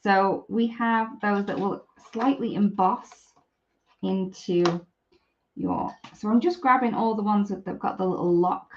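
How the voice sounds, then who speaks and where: A woman's voice: mid-range voice, fairly even intonation, a little slow, highs cut off, slight background noise. A woman demonstrating craft products on a live stream, chatty and apologetic as she works. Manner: chatty, apologetic, talks while working.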